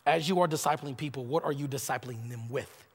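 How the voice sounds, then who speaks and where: A man's voice: mid-range voice, a little fast, slightly rough, big-room sound. A male pastor preaching a sermon, building emphatic repeated phrases and stumbling into restarts now and then.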